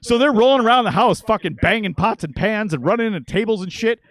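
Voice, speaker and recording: A man's voice: sits high, lively intonation, quick pace, a bit bright, dry recording. A man in his late thirties from Minnesota, telling rambling, profane stories as a podcast guest. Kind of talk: casual storytelling.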